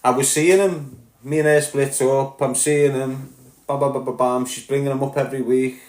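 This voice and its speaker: A man in his thirties with a Liverpool accent, talking bluntly and swearing as he tells his story on a podcast, going from loud bursts to low mutters. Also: fairly even intonation, moderate pace, roomy sound. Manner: blunt and profane, swings between loud outbursts and low muttering. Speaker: podcast host. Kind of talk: candid monologue.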